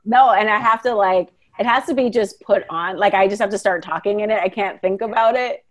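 A woman hosting a podcast, chatting casually with a giggly, animated way of telling stories. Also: medium pitch, a little fast. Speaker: podcast host. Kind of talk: casual chat.

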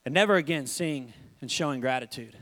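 A young man preaching a sermon, acting out stories with sudden shouts and repeated words. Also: medium pitch, fairly quick. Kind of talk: animated sermon storytelling.

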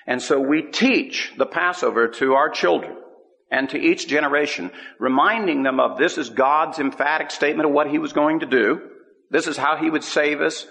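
A man preaching a sermon, teaching scripture with an emphatic, drawn-out cadence. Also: on the high side, gravelly, a bit bright. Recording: long hall reverb.

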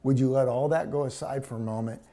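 A man preaching a sermon, telling a personal story in a hushed, emotional tone. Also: medium pitch, steady tone, fast. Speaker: pastor.

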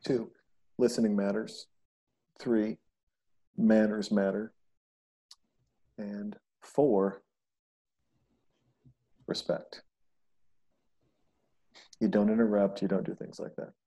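A man with a low, husky, mellow voice, chatting casually on a podcast. He tells lively anecdotes and slips into quoted voices as he goes. The tone stays relaxed and conversational. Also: takes it slowly, pauses often. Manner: animated storyteller, acts out quoted voices.

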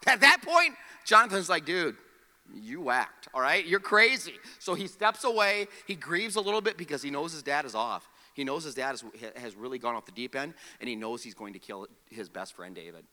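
A man's voice: a little high, lively intonation, brisk, sharp tone, big-room sound. A man preaching a sermon as pastor. He tells the story with animation, acts out the characters' lines and has the audience repeat words back to him.

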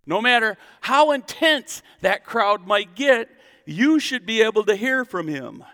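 A man preaches with animated energy, calling on his congregation to answer back. His voice is bright and somewhat high for a man, with a gravelly edge. It rings out through a church sanctuary with a long reverb tail. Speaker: pastor. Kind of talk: sermon.

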